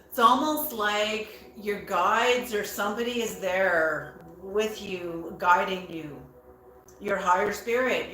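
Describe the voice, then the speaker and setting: Woman, tarot reader, slow, bright tone, echoey room, faint background hum. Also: mid-range voice. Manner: slow and musing, repeats words, bursts of excitement. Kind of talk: spoken tarot reading.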